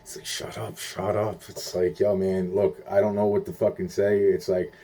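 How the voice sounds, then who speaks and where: A man's voice: low voice, flat delivery, moderate pace, mellow, a little hiss or hum. A young man rambling in a profane monologue, stumbling through restarts and acting out quoted voices.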